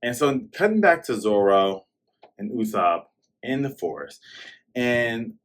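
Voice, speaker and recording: A man hosting a manga review show, retelling a chapter in a casual, excitable way and acting out the scenes as he goes. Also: medium pitch, slow.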